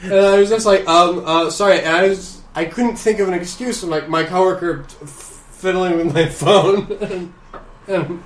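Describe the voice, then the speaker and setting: A man co-hosting a casual podcast, telling quick, animated anecdotes. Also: high voice, slight background noise. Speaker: podcast co-host. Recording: echoey room.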